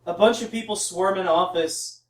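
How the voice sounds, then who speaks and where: A man's voice: high voice, moderate pace, fairly bright tone. A man co-hosting a podcast, rambling through anecdotes in casual chat. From Canada. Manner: rambling anecdotes, lots of fillers. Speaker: podcast co-host. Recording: echoey room, distant mic.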